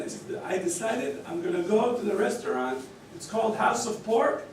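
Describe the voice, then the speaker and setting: At a moderate pace with hardly any pauses, a higher-voiced rabbi teaches a study group in an echoey hall, lecturing through story cases. He brings the characters' quoted lines to life and quizzes listeners with questions and chuckles. The background is noisy, and he sounds distant in the very echoey room.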